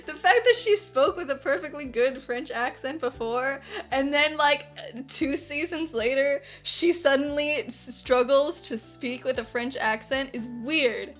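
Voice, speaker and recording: A young woman streamer chatting casually while drawing, unhurried and laughing often. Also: sits high, steady tone, a bit bright.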